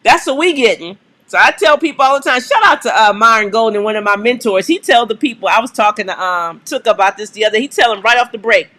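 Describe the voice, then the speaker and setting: A woman's voice: a little high, quick pace, sharp tone. A woman hosting a live stream, answering viewer questions in an emphatic, preacherly way and coaxing the audience again and again. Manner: emphatic, repeats "okay?" and "come on", coaxing the audience; preacherly call-and-response cadence.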